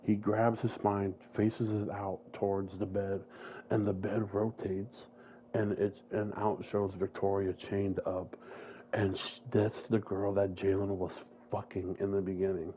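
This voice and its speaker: A man's voice: lowish voice, level tone, unhurried, warm tone, lo-fi sound, a little hiss or hum. A man casually retelling a made-up story, rambling and swearing often, with many fillers and restarts.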